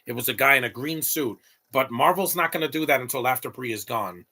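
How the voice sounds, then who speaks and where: Gravelly opinionated man in his late thirties. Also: medium pitch, a little fast, sharp tone. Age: late 30s. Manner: opinionated, rambling, talks back at the film. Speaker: movie commentator. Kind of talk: live movie commentary.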